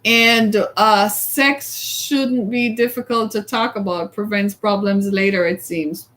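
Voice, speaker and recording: A woman's voice: mid-range voice, steady tone, takes it slowly, fairly bright tone. A woman hosting a casual live chat, chatty and opinionated, laughing often and ending her sentences with "right?". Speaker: host.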